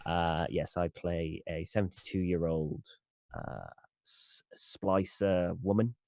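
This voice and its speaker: A man's voice: deep voice, steady tone, takes it slowly, creaky, darkish tone. A tired man, a tabletop game player chatting casually and rambling a little. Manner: self-deprecating, rambling with restarts.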